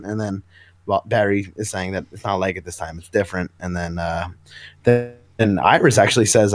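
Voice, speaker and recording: Eager young-sounding podcast host, dry sound. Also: male voice, lowish voice, normal speed, no echo. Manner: enthusiastic, recaps scenes acting out lines. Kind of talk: casual comic book chat.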